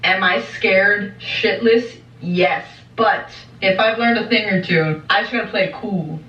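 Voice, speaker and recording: A young woman tells a dramatic story in vlog style, cursing frequently and imitating other people's voices. Her mid-range voice is a bit bright and unhurried, and the recording sounds roomy, distant, dull, and lo-fi.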